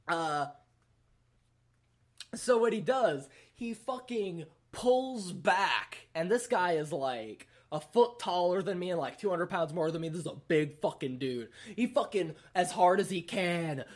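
A man's voice: high voice, animated, slow. A young man casually telling a rambling, profane party story on a podcast, laughing often. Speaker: podcast host.

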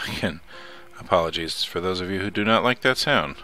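A man's voice: low voice, brisk, sharp tone, slight background noise. A man casually commenting as he plays a survival game, chatty, muttering to himself and swearing when something startles him. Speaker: let's play host.

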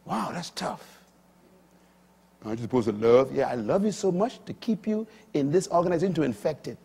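Husky man in his fifties, slightly high voice, emphatic preacher swinging loud to soft. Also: expressive, brisk. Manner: emphatic, swinging between loud declarations and quiet asides. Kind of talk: sermon.

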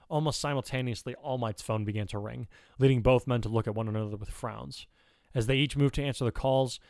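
A man's voice: mid-range voice, no room sound, studio quality. Man narrating a fan fiction audiobook.

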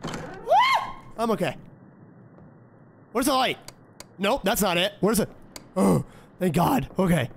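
A man's voice: high-pitched, big pitch swings, unhurried, vocal fry, pauses often, heavy background noise. A young man streaming a horror game, chatting to himself, trash-talking the characters and swearing freely. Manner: profane, trash-talking, jumps to frantic yelling when scared. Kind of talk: horror game let's-play commentary.

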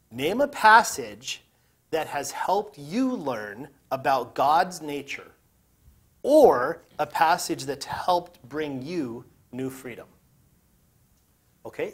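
Man, higher-pitched, Bible teacher, casual, reads scripture aloud, joking asides.

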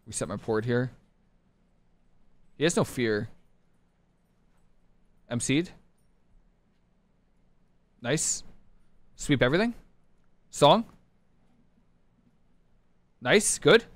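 Man barking quick gameplay callouts. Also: medium pitch. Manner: terse rapid callouts to teammates, bursts into excited shouting. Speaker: game streamer. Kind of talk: live gameplay commentary.

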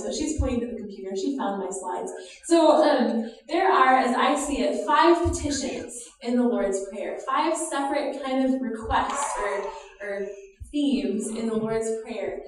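A woman from the United States preaching a conversational sermon in a church, with frequent laughter during anecdotes. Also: a little high. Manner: conversational, laughs often while telling stories. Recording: echoey church hall from far off.

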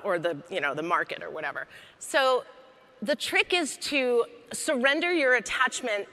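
A woman giving a comedic keynote talk on stage, chatty and lively, laughing between lines. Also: a little high. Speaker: keynote speaker. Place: large hall on stage. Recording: echoey hall reverb.

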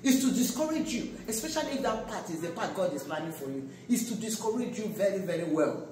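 A pastor preaching a sermon, swinging between loud exhortation and quiet asides. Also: medium pitch, very animated, fast, background noise. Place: large echoey church hall. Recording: echoey church hall from far off.

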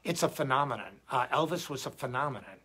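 A middle-aged man hosting a guitar live stream, chatting casually and rambling in an animated way, often restarting his sentences. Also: mid-range voice, fast, slightly rough. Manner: rambling, animated, self-interrupting. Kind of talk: casual livestream chat.

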